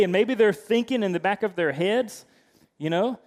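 Male pastor, higher voice, conversational sermon delivery with restarts, long hall reverb. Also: normal speed. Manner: conversational preaching with frequent restarts.

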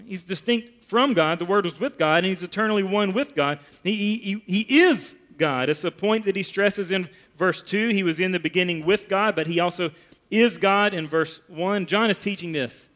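A man preaching a sermon as pastor, emphatic, repeating phrases and dropping to a soft, low voice on key words. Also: normal speed.

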